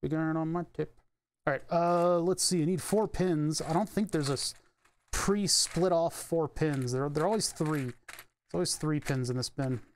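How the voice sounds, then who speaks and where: A man's voice: fairly high pitch, moderate pace, slight background noise. A man chatting casually on a live stream while soldering at his electronics bench, rambling and thinking aloud with offhand swearing. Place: home electronics workbench.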